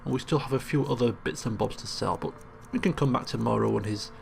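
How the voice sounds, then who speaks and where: Gravelly gamer narrating gameplay. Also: male voice, mid-range voice, quick pace, slight background noise. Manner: chatty, joking asides. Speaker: let's play host. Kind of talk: casual gameplay commentary. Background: game music.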